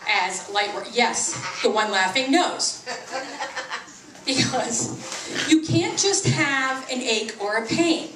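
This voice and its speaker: Middle-aged female comic, fairly high voice, roomy live sound from off-mic. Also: slow pace, recorded from a distance, a crowd in the background. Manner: animated, acts out quoted voices with big pitch jumps. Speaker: stand-up comedian. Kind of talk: stand-up comedy. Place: small tea house open mic.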